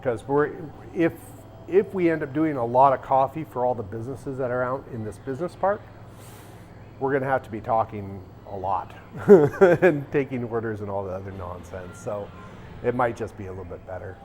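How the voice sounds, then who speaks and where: A little hiss or hum accompanies this arcade owner's medium-pitched, darkish voice at normal speed. He's livestreaming casually from inside his arcade café, rambling and restarting as he thinks aloud.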